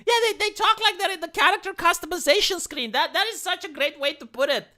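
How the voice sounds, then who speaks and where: A man's voice: very high-pitched, quick pace, bright, forceful tone. A man from Romania doing casual commentary on a live stream, stammering through restarts and lots of filler words. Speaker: live streamer reacting to a video.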